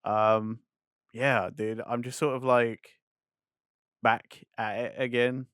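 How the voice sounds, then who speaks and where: A man's voice: mid-range voice, little pitch movement, slow pace, a bit bright, clear, resonant tone, no room sound, clean studio sound. A man co-hosting a podcast, chatting in a laid-back way that livens up when he retells things. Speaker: podcast co-host. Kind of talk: casual chat.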